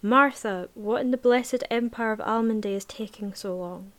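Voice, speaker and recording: Woman voicing a drunken spoiled princess, loud, imperious, higher pitched, storybook reading. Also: moderate pace, close to an everyday voice. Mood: demanding. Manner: loud, slurring call.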